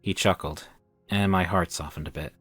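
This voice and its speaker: A man's voice: low voice, steady tone, moderate pace, a bit bright, dry recording, faint music behind. A man narrating a first-person story in a wry, dramatic way.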